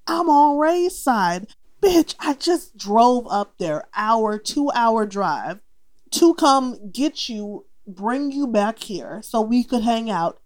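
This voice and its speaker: A young adult woman with a fairly high voice talks through a movie on her podcast. Her delivery is loose and animated, and she swears freely as she jumps into the characters' lines to make her point. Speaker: podcast host. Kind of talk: casual movie recap podcast.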